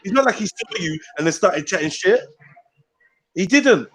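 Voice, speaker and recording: A man's voice: sits high, animated, normal speed, fairly bright tone, husky. A man hosting a casual livestream, teasing his guests and laughing often. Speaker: livestream host.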